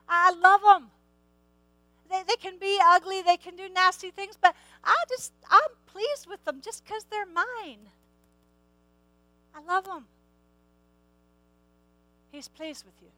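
A woman's voice: sits high, a little slow, sharp tone, no room sound, poor audio. A middle-aged woman preaching a sermon, emphatic, repeating key phrases and asking the listeners questions.

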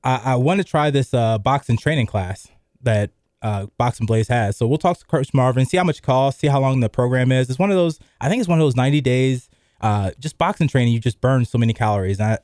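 Rambling radio host, mellow voice. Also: male voice, medium pitch, a little fast, dry recording, studio quality. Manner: loose and rambling, many fillers. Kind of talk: casual sports radio chat. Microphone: studio microphone.

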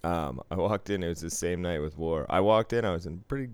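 Very deep-voiced profane storytelling man. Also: brisk, a little mellow, smooth, no echo. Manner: profane storytelling, acts out both sides of arguments. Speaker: casino dealer. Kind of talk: casual podcast chat.

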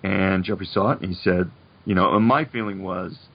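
Gravelly, husky older man. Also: low-pitched, moderate pace. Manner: reflective storyteller, many "you know"s. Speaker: guest, animation producer. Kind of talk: casual interview chat. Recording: dull lo-fi recording.

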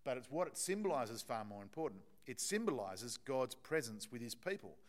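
A man's voice: mid-range voice, very animated, moderate pace. A man preaching a sermon to his congregation, talking in a conversational, emphatic way with frequent restarts and fillers.

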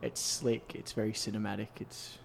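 A man's voice: lowish voice, little pitch movement, normal speed, vocal fry, background noise. A man co-hosting a casual chat, rambling with lots of fillers and restarts. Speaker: podcast co-host.

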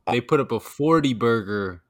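A man's voice: mid-range voice, expressive, normal speed, a crowd in the background. A man co-hosting a casual sports podcast, butting in with teasing interjections. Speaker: podcast co-host.

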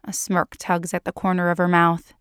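A woman narrating a story for a podcast in a calm, unhurried reading voice. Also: fairly low pitch, clear, resonant tone, dry recording, studio quality.

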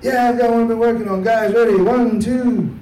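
A wailing lewd rock singer. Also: male voice, steady tone, brisk, mellow, slight background noise. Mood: cocky. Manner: high falsetto wailing, half-sung. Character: wailing British rock singer, adult man, brash and lewd. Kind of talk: stand-up impression. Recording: roomy club sound from a distance.

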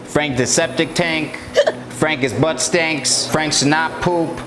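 A man's voice: a little high, slow, over music. A man doing a crude Boston construction bro. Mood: mocking. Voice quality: loud, crude, heavy Boston accent. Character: mocking male construction worker, crude joker. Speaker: parody comedian.

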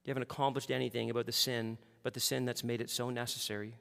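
A man preaching a sermon, animated, moving between hushed and loud passages. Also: medium pitch, quick pace, vocal fry, big-room sound. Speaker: pastor.

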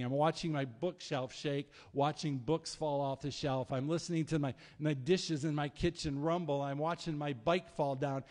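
A man preaching a sermon as pastor, telling stories in a lively, conversational way. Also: a little high. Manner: storytelling, animated, conversational preaching. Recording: long hall reverb.

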